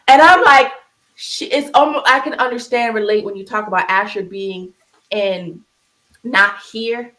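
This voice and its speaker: A woman's voice: medium pitch, a little slow, pushed and bright, poor audio. A woman speaks earnestly and openly about something painful, her voice close to tears. She talks with restarts and fillers while she cooks, heard over a video call. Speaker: podcast co-host. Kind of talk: emotional personal talk.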